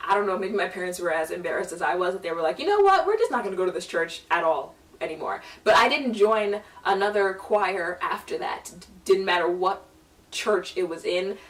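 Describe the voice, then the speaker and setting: A young woman telling a funny personal story to the camera in a casual, animated way, acting out what people said to her. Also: mid-range voice. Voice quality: animated, chatty, quotes people in playful voices. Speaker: vlogger. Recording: mic a little far off.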